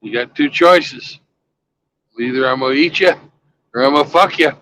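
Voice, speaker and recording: A man's voice: medium pitch, normal speed, bright, forceful tone, slight background noise, natural voice, low-quality recording. Crude joke bear, male, menacing, blunt, mocking, put on by a man. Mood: threatening.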